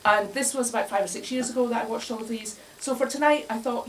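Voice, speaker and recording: A woman speaks fast in a fairly high voice, delivering a wry, chatty comic set to a live bar audience indoors and often laughing at her own jokes. It's recorded from a distant mic with faint room noise.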